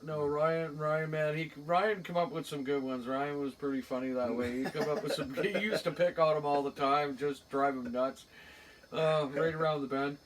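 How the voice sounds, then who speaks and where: Speaking in a fairly high voice with fairly even intonation at normal speed, a Cape Breton podcast host spins a rambling comic story. He laughs a lot and performs quoted voices loudly, picked up by a distant mic with faint room noise.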